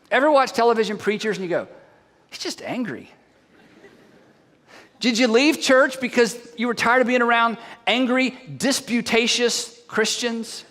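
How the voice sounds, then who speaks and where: A man with a high voice delivers a sermon, telling a story in an animated way and firing questions at his listeners. His voice carries a long hall reverb, as if in a church hall. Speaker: pastor.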